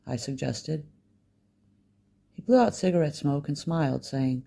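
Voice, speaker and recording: A man reading an audiobook as a first-person narrator, wry and measured. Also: fairly high pitch, gravelly, mellow.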